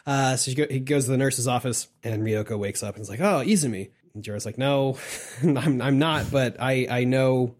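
A man's voice: mid-range voice, brisk, hardly any pauses. Chill young guy walking thru a story, laughs, swears while quoting. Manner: relaxed, laughing, acts out lines with swearing. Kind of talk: casual podcast chat recapping a game.

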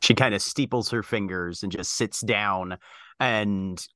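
A man running a tabletop game as game master, narrating scenes in a relaxed, lively way. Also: on the low side, a little slow, no room sound. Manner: lively, relaxed, laughs easily.

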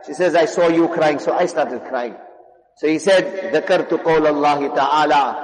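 A man preaching a sermon with fervour, moving between chanted Arabic recitation and soft, hushed English storytelling. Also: a little high, brisk. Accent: South African. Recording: long hall reverb, crowd audible.

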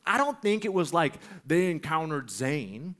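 A man's voice: fairly high pitch, a little slow. A man preaching, telling a story with lots of laughter and acted-out voices. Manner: animated, laughing, acts out voices. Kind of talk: sermon storytelling.

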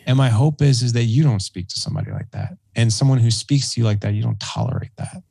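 A man in his forties, a podcast guest speaking earnestly in a halting, self-correcting way, at times choked up. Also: medium pitch, wildly swooping pitch, creaky, warm tone, breathy edge, no echo. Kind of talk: emotional personal conversation.

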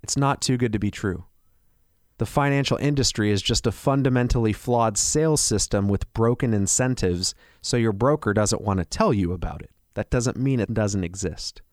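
A man working as a financial advisor, delivering a persuasive radio pitch full of rhetorical questions. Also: normal speed, dry recording, clean studio sound.

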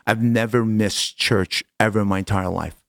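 A middle-aged man telling a personal story as an interview guest, animated and casual, acting out dialogue. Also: lowish voice, normal speed, gravelly, no room sound. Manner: animated, acts out quoted dialogue, casual slang.

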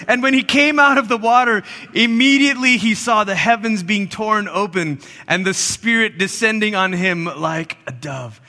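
High, bright-voiced preacher in a big hall. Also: male voice. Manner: animated storytelling with playful asides. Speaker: pastor. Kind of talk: sermon.

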